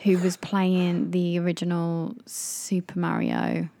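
A woman chatting casually with a friend, quick to laugh and slip into impressions. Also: fairly low pitch, completely flat delivery, vocal fry, warm tone, no room sound. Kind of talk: casual chat.

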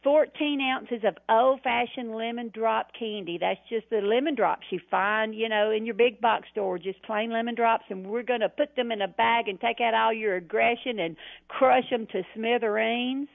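A chatty woman with a Southern accent talks in a folksy, self-deprecating way as a radio guest, her voice riding high. She comes through a tinny phone line with a gravelly edge. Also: fairly even intonation, moderate pace. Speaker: cookbook author guest.

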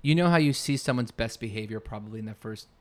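A man's voice: fairly low pitch, fast. A man co-hosting a podcast in casual chat, rambling and searching for his words mid-sentence. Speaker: podcast co-host.

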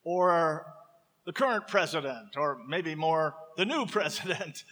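A man preaching a sermon with impassioned, dramatic emphasis, slowing down to stress key words. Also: fairly high pitch, lively intonation, bright, forceful tone, echoey room, in a large hall. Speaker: pastor.

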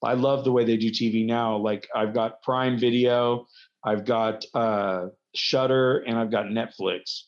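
A man talks casually as an interview guest, rambling and poking fun at himself as he tells stories. His voice sits at an ordinary pitch. The recording sounds dull and lo-fi. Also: fairly even intonation, unhurried. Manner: rambling, self-deprecating storyteller. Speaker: guest, wrestler.

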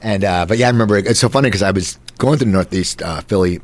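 He's a low-pitched, fast-talking man from New Jersey, late forties, hosting an easygoing talk show. His storytelling wanders, full of false starts.

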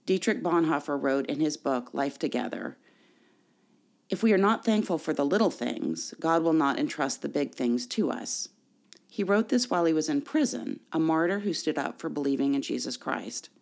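Pastor, sermon, measured delivery, rhetorical questions, mid pitch. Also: sing-song, creaky.

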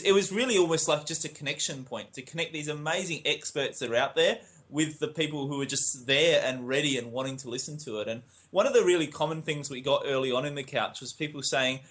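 A man's voice: on the high side, fairly quick, a bit bright. A middle-aged Australian man chatting casually on a podcast, rambling with frequent restarts. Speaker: podcast network founder and co-host.

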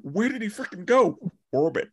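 A man hosting a podcast, chatting casually and acting out his own reactions with animated energy. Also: high voice, normal speed, slightly rough. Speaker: podcast host. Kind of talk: casual chat.

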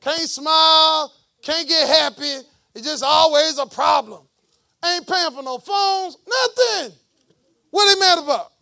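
A man preaching a lively sermon in church, with joking, mocking asides to the congregation. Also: extremely high pitch, takes it slowly, creaky. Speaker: pastor.

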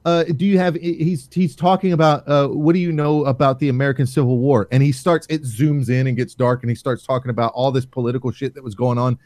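A man's voice: mid-range voice, little pitch movement, fairly quick, hardly any pauses, a little mellow, no echo. A man hosting a casual talk show, ranting heatedly and sarcastically with plenty of swearing.

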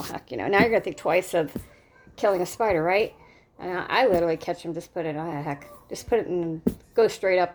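Woman vlogger talking off the cuff, rambling and excitable, repeats herself. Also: on the low side, gravelly. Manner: rambling, excitable, with frequent restarts and "literally". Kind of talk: casual talk to camera.

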